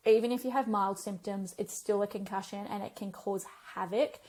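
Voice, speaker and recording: A woman, a physiotherapist guest on a podcast, telling stories in a chatty, animated way with lots of fillers. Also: medium pitch, moderate pace. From Australia. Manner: chatty storyteller, animated retellings, frequent um and like. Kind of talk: conversational podcast interview.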